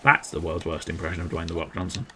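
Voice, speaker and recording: A man's voice: sits low, completely flat delivery, fast talker, a little hiss or hum. A young man streaming a video game, chatting casually and breaking into silly made-up rhymes and jingles. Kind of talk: casual gameplay commentary.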